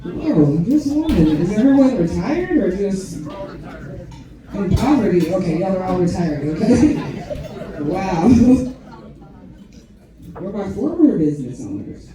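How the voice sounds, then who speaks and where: A woman doing a stand-up comedy set, teasing the crowd with punchy, animated delivery on a club stage. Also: medium pitch, unhurried, long pauses, distant mic. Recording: echoey club recorded from afar.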